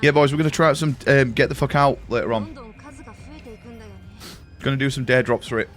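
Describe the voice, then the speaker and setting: With soft music in the background, the young British man chats with his live-stream audience in a medium-pitched, slightly bright voice, a little fast. He swears freely and keeps calling the chat boys and mate.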